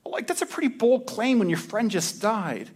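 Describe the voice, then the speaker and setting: A man preaching a casual sermon as pastor, talking in a laid-back, slangy way with lively storytelling. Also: high voice, normal speed, breathy edge.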